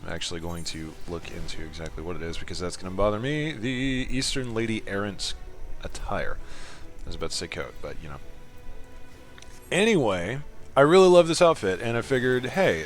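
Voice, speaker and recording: A man giving casual, giggly commentary as he plays a story game. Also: on the low side. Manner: giggly and animated. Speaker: gaming video creator.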